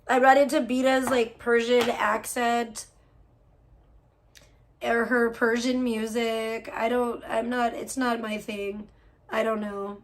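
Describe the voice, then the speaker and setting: A woman's voice: fairly high pitch, little pitch movement, takes it slowly, long pauses. A woman livestreamer in casual talk, profane and gossipy, venting at length about other streamers.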